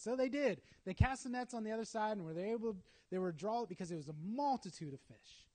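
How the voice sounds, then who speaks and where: A man's voice: high voice, lively intonation, a little fast, hardly any pauses, dark tone. A man preaching a sermon, telling a story dramatically with acted asides.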